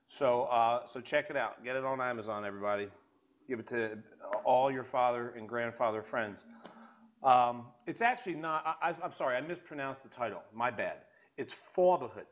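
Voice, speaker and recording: A man's voice: medium pitch, moderate pace. A man hosting an interview show, chatting casually and enthusiastically, often restarting his sentences. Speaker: podcast host.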